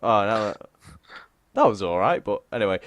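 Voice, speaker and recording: A man's voice: lowish voice, very animated, moderate pace, a bit bright, dry recording. A young English man co-hosting a casual podcast, sarcastic and sweary, who tells stories about callers. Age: young adult. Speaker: podcast co-host. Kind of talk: casual chat.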